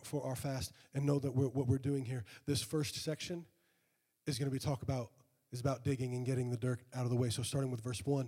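A man preaching a sermon, reading scripture and praying with fervor that swells into loud, drawn-out calls. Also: medium pitch, long reverb tail. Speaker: pastor.

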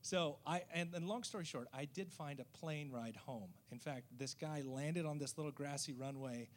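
A man, a missionary, telling a story in a lively way and acting out the voices of the people in it. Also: on the high side, moderate pace. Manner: lively, acts out quoted voices. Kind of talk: storytelling testimony.

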